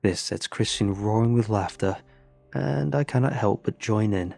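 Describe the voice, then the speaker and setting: Gravelly man narrating a horror story. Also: fairly low pitch, moderate pace, a little mellow, soft background music.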